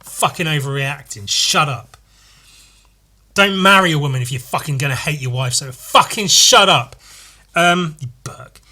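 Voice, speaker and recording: Male podcast host with a bright, tense voice. Casual, profane and playful, riffing on his sketchbook. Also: a little high, expressive, normal speed. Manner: swears constantly, playful, jumps into loud goofy voices. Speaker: artist hosting a solo podcast. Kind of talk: casual rambling chat while sketching.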